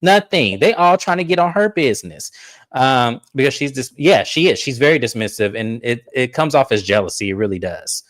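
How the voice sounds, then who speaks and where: Host for a reality TV recap stream, mid-pitched, blunt and slangy. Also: lively intonation, normal speed, no echo. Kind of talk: casual recap chat. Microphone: streaming setup.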